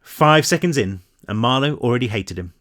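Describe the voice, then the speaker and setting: An author reading his own novel aloud in an animated way, adding casual self-mocking asides. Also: mid-range voice, moderate pace.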